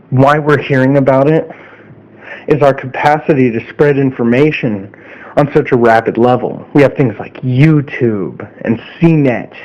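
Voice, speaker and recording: A man's voice: mid-range voice, darkish tone. Earnest man vlogging, dull lo-fi sound. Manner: earnest, repeats "okay?" often. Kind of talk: casual opinion monologue.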